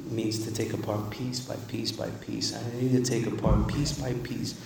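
A man's voice: on the low side, little pitch movement, normal speed, vocal fry, background noise. A man giving an emphatic, conversational personal testimony at a recovery meeting, repeating words for emphasis. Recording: echoey hall, distant mic, faint ambience.

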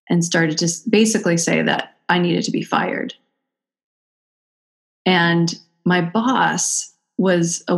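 Low-voiced woman telling a story. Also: gravelly. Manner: animated, acts out quoted voices. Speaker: guest, Ayurvedic practitioner. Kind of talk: casual conversational storytelling.

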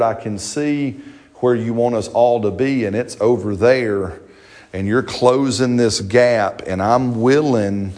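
Medium in pitch and a little mellow, a middle-aged male pastor's voice carries a sermon that's chatty and jokey. He keeps asking the congregation questions, with repeats and restarts along the way.

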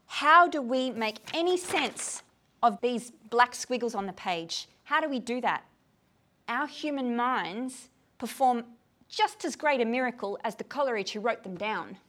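A woman gives a talk on a poem to a gathered group in a room, tired, animated and often checking that her listeners follow. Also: on the high side, a little slow. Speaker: lecturer on poetry.

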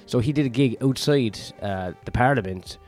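A man's voice: medium pitch, normal speed, a little mellow, faint music behind. A man vlogging in a rambling, profane monologue, ranting with lots of fillers and sounding sweaty and worn out.

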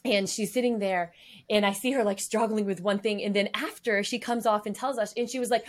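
A woman's voice: mid-range voice, steady tone, brisk. A young woman co-hosting a podcast, chatting casually with enthusiastic affirmations. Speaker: co-host.

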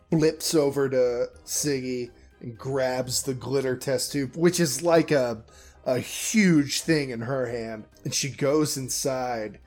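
A man narrating a tabletop game as game master, halting and full of fillers. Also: medium pitch.

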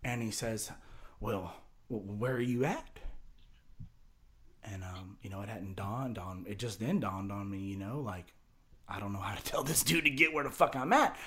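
Rambling, cussing storyteller man. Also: fairly quick. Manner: rambling and profane, with many fillers and restarts; drops low and quiet for tense parts, gets loud and high for excited quotes. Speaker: storyteller guest. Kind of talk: casual storytelling.

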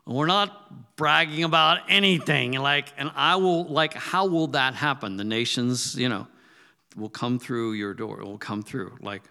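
A man's voice: medium pitch, a little slow, gravelly, sharp tone, clear, resonant tone. A male pastor preaching conversationally, telling stories and acting out quoted asides. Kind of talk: sermon.

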